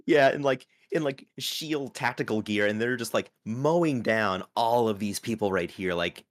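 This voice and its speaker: A man's voice: mid-range voice, lively intonation, normal speed, dry recording. A man hosting a podcast, chatting casually about an anime in a rambling way, with lots of fillers. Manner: rambling, filler-heavy, laughs often. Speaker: podcast host. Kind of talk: casual anime review chat.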